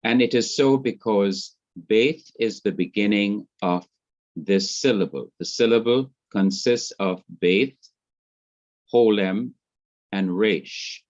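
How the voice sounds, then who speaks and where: A man with a Jamaican accent teaching Hebrew grammar in a classroom lecture, speaking slowly and deliberately and repeating his points. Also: lowish voice. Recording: muffled lo-fi classroom recording.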